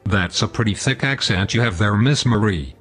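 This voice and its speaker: A man's voice: fairly low pitch, moderate pace, a bit bright, faint music behind. A man hosting a scripted comedy show, pompous, long-winded and sarcastic. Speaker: host.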